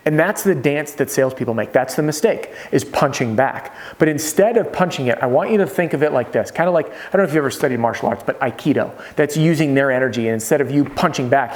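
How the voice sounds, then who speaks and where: A man's voice: medium pitch, fast, hardly any pauses. A man in his thirties giving a sales training talk straight to camera. His delivery is punchy and conversational, with a mid-range voice. He often slips into little role-played exchanges with customers. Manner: punchy, conversational, acts out dialogue with homeowners.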